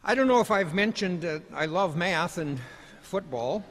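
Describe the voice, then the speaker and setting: A man giving a commencement speech, telling stories in a folksy, gently humorous way. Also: sits high, lively intonation, moderate pace, a little hiss or hum. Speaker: commencement speaker. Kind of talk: ceremonial speech with storytelling. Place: commencement ceremony hall. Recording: large hall reverb.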